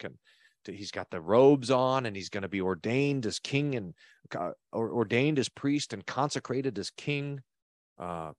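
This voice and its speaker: A pastor reads an old text aloud, pausing to comment and pressing hard on key words in an expressive style. His voice is mid-range, and the clean studio recording has no echo.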